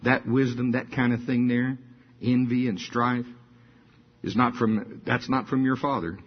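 Older male preacher, folksy and emphatic, husky tone, dull lo-fi recording. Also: medium pitch, steady tone, unhurried. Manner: folksy storytelling, rising to emphatic bursts. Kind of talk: sermon. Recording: dull lo-fi sound.

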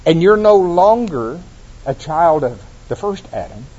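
A man's voice: measured pace, slightly rough. Man preaching on a dull lo-fi tape. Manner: animated, laughing, rising high when acting out scripture. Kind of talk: sermon.

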